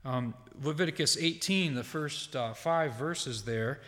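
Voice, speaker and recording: A man preaching a sermon from a church pulpit, measured and deliberate, with emphatic quoted lines and casual asides to the congregation. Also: medium pitch, a bit bright. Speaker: pastor. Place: church sanctuary. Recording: long hall reverb.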